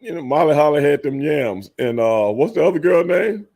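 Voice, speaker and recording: This ex-wrestler runs a laid-back livestream, greeting viewers by name, cursing freely, speaking bluntly, and laughing a lot. His voice sits on the high side, expressive and gravelly with a darkish tone, at a moderate pace.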